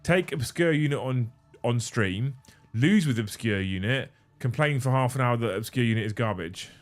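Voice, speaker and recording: A man's voice: medium pitch, normal speed, soft background music. A man hosting a casual livestream, bantering and thanking viewers, with a bit of swearing. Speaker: livestream host.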